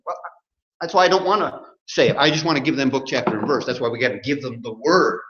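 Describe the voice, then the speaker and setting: With a mid-range, fairly bright voice and a fairly quick pace, a man preaches from a church pulpit. His sermon is interactive, full of questions for the congregation and jokes. The sanctuary recording sounds roomy and muffled.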